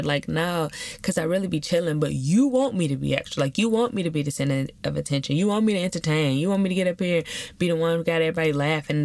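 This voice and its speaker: A woman's voice: sits low, fast, a little mellow, no room sound. A young woman hosting a podcast, talking candidly and animatedly in slangy casual chat. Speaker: podcast host.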